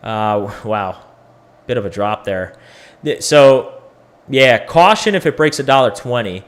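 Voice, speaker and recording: A man's voice: mid-range voice, expressive, unhurried. A man hosting a crypto education video, talking through charts in a loose, profane, thinking-aloud way. He sounds tired. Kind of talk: casual chart analysis video.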